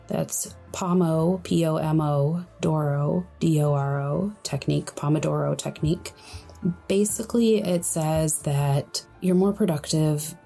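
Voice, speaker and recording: A young woman hosting a solo podcast, speaking in a quiet, breathy, hushed voice as she gives advice. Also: sits low. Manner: hushed, soft-spoken, friendly. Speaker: podcast host.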